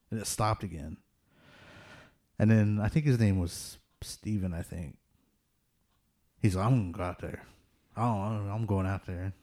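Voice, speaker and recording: With a lowish, dark-toned voice, a man spins casual stories about ghost encounters. He rambles, fills gaps with plenty of fillers, and laughs nervously at the suspenseful parts.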